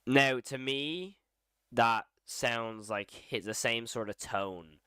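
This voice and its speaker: A man's voice: mid-range voice, slow, pushed and bright, clear, resonant tone, no room sound, clean studio sound. A man hosting a casual live horror reaction stream, thinking aloud, rambling and repeating phrases as he goes. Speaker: horror channel host.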